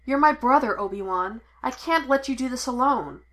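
A woman's voice: medium pitch, unhurried, lightly acted. A woman reading the lines of an earnest young man who is a Jedi, raised and urgent. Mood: urgent pleading.

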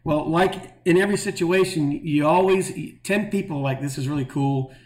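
A middle-aged man telling a long story in a casual, animated way and acting out the voices of the people in it. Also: fairly high pitch, normal speed, roomy sound. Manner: animated, acts out quoted voices. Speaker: guest telling stories.

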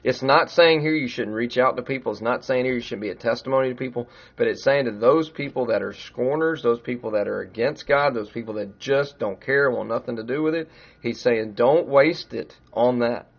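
A man's voice: medium pitch, brisk, dull audio. A middle-aged man preaching a sermon in a conversational way, growing emphatic as he retells a story. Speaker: pastor.

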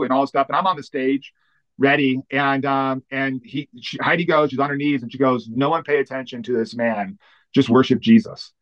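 Man telling stories, dull audio. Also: medium pitch. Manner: animated, fast-running anecdotes with many fillers. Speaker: pastor. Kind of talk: storytelling in an interview.

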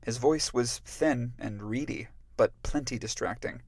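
A man with a medium-pitched voice narrates an audiobook from a script in a measured, even storytelling manner. The sound is studio quality with no echo.

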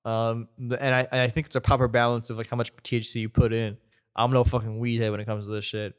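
A man's voice: mid-range voice, little pitch movement, quick pace, clear, resonant tone. Laid-back swearing male podcast co-host. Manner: loose, profane, laughs often. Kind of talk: casual chat.

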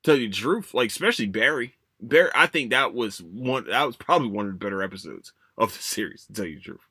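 A man's voice: lowish voice, quick pace, slightly rough, dry recording, clean studio sound. A man hosting a casual solo podcast, ranting with lots of swearing and restarts. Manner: animated, profane ranting with many restarts. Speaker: podcast host.

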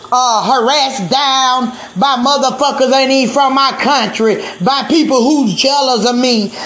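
Woman from georgia on a rant vlog, all over the place, swearing, lotsa uh and and and, gets shouty. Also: high-pitched, a little hiss or hum. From Georgia, United States. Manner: rambling, repetitive, profane, stumbles over fillers; breaks into shouting. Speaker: vlogger. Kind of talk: ranting monologue to camera.

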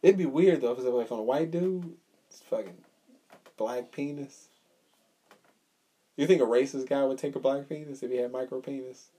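A man's voice: mid-range voice, moderate pace, pauses often, warm tone, breathy edge. A man co-hosting a casual podcast chat, telling a story with swearing and acting out the quotes. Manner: storytelling, profane, acts out quotes. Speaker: podcast co-host.

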